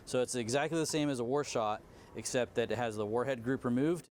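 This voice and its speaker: A man's voice: medium pitch, brisk, a little mellow, a little hiss or hum. Matter-of-fact man explaining naval gear. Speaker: Navy torpedo man, chief petty officer. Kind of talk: interview answers. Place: aboard a submarine.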